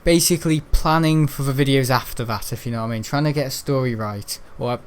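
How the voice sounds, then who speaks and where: Rambling young Merseyside lad streaming. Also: male voice, mid-range voice, fast, clear, resonant tone. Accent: Merseyside English. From the Wirral, England. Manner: hesitant, many ums and restarts, chuckling. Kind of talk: rambling casual chat.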